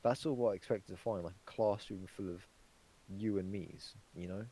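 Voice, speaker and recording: A man's voice: lowish voice, normal speed, warm tone, poor audio. A young man chatting casually on a podcast, rambling with lots of fillers and swearing. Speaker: podcast co-host. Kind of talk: casual chat.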